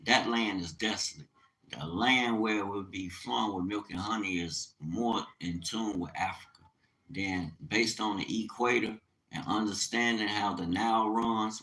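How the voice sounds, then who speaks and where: A man's voice: low-pitched, bright, forceful tone, low-quality recording. A man teaching the Bible on a livestream, reading scripture aloud and commenting with urgent, emphatic preaching.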